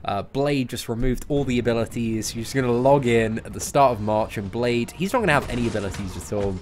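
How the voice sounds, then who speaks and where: A man's voice: mid-range voice, fairly quick, slight background noise. A young British man hosting a game livestream, answering viewers in a casual, chatty way and peppering his talk with "man" and "you know". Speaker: livestream host.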